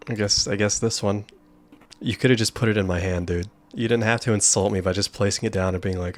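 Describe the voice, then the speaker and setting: A man's voice: lowish voice, steady tone, fairly quick, soft background music. A man giving casual let's-play commentary as a gaming streamer, making sarcastic, joking asides at the game.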